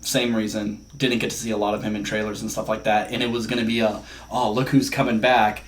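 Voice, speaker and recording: A man's voice: fairly low pitch, fast, echoey room, a little hiss or hum. A man co-hosting a podcast, chatting casually and telling stories with jokes. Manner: animated, jokey storytelling. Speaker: podcast co-host. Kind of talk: casual chat.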